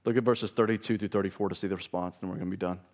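A man's voice: deep voice, steady tone, racing, darkish tone. Impassioned male preacher, emphatic delivery. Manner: preaching with rising intensity, emphatic and pleading. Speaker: pastor. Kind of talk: sermon. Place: church sanctuary.

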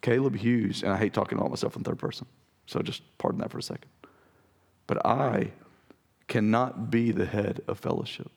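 Raspy-voiced pastor man preaching. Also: on the low side, normal speed. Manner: earnest, direct, talks straight to the congregation. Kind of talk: sermon. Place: church sanctuary.

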